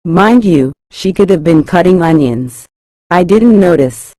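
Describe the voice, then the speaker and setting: A man's voice: sits high, lively intonation, measured pace, warm tone, no echo. A woman reading the lines of an awkward, hesitant male visitor from a play script.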